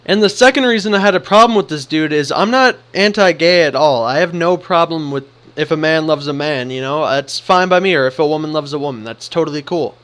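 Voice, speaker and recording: A young man vlogging a casual story, animated and acting out what people said. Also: a little high, a little fast, few pauses, clean tone. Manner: animated, acts out the quotes.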